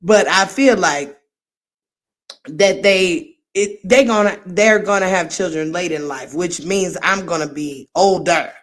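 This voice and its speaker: Middle-aged woman, livestream host, casual unhurried chat, playful and quick to laugh at herself. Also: fairly low pitch. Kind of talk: casual chat reacting to viewer comments.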